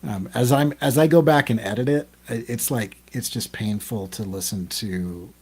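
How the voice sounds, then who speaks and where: A man's voice: medium pitch, normal speed, slightly rough. A man co-hosting a podcast in casual group chat, talking in a rambling way with many ums and restarts. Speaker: podcast co-host.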